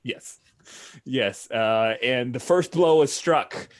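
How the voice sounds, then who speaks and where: A man narrating a tabletop role-playing game as game master, animated and often laughing. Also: mid-range voice, slow.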